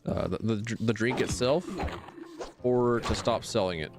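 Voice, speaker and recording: A man's voice: fairly low pitch, normal speed, music in the background. A man streaming a video game, talking in a casual, rambling way and often stammering and restarting his sentences as he jokes. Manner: rambling and stammering, with frequent restarts and jokey asides. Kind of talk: casual let's-play commentary.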